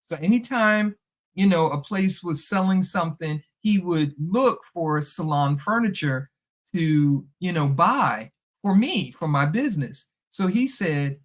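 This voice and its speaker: A middle-aged woman talks through a personal story in a relaxed, chatty monologue. She is animated and keeps slipping into the voices of the people in her story. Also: fairly low pitch, measured pace. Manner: animated, acts out past conversations. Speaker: podcast host.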